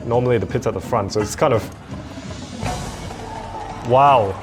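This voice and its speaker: A man in his twenties hosts a casual reaction video from a home studio, chatty and excitable, laughing often. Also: medium pitch, a little slow, over music. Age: 20s. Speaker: host. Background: marching percussion show playing.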